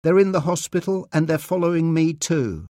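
A man's voice: fairly high pitch, expressive, moderate pace, darkish tone, no echo, studio quality, voice pushed up, lightly acted. A man voicing an adult woman lawyer in a storybook reading, speaking earnestly and reassuringly. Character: anxious female lawyer, adult, steady.

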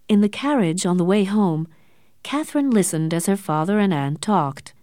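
A woman narrating a storybook with clear, expressive reading and a lively, varied pitch. The recording is close and dry, with no room sound. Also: normal speed, no echo. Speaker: audiobook narrator. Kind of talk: scripted narration of a graded reader.

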